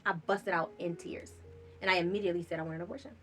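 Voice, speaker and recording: A woman's voice: fairly low pitch, steady tone, fast talker, a bit bright, faint music behind. A woman vlogger telling a personal story in a candid, casual way, swearing freely.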